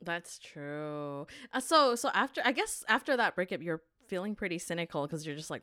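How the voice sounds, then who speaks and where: A woman's voice: lowish voice, expressive, a little fast, few pauses, fairly bright tone, no room sound, studio quality. A woman hosting a casual interview, curious and teasing, asking follow-up questions. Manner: curious, teasing, laughs often. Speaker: host.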